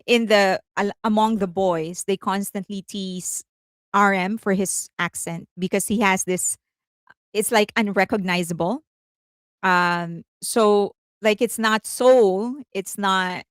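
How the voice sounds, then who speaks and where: A chatty woman hosting casual commentary, with a voice of ordinary pitch for a woman. She giggles often and stops to correct herself mid-sentence. The sound is close and dry. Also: dry recording. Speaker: host.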